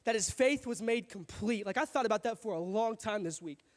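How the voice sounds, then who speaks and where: A young adult man preaching a sermon as pastor, telling a story with animated asides and acted-out characters. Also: high voice, fairly quick. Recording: hall reverb.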